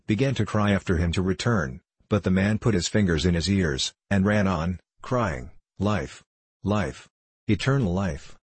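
Deep husky male narrator. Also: dry recording. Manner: measured, formal old-fashioned phrasing. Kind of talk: audiobook narration of an old allegory.

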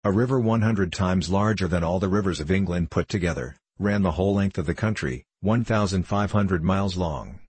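A man reads a period novel aloud in a steady, formal manner. His voice is deep and slightly husky. The recording is close and dry. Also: fairly quick, few pauses, no room sound. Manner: steady, formal, even reading. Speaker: audiobook narrator. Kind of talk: audiobook narration of a period novel.

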